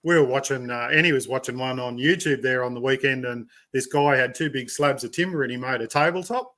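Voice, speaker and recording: An Australian man chatting casually as a guest, telling a story in a relaxed, halting way. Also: mid-range voice. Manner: relaxed storyteller, hesitant with fillers. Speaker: guest on a live stream. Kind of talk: casual chat.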